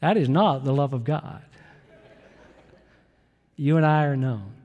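A male pastor delivering an earnest Wednesday night sermon in a church, slow and emphatic with pauses. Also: mid-range voice, phone-quality sound. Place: church sanctuary. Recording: reverberant church hall.

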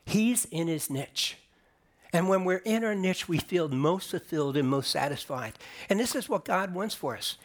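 A man's voice: high voice, lively intonation, normal speed. A man delivering a sermon as a pastor, explaining scripture in a conversational way and rising for emphasis. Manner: conversational preaching with restarts and emphatic rises. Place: church sanctuary.

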